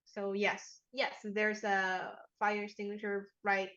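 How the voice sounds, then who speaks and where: A woman's voice: medium pitch, completely flat delivery, slow, bright, forceful tone. Chatty woman game master, lo-fi mic. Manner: chatty, hesitant with fillers, laughing often. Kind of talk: narrating a tabletop game.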